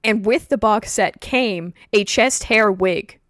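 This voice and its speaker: A woman hosting a casual stream, chatting in an animated way and laughing often as she explains things from her home setup. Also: mid-range voice, slow pace, no room sound, clean studio sound. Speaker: streamer host.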